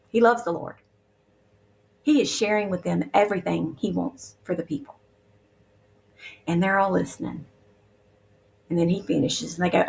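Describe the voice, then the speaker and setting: A woman in her fifties tells her spiritual testimony with earnest, vivid detail. Her voice has a gravelly, creaky edge, at an ordinary middle pitch. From Alabama, USA. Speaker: guest sharing a testimony.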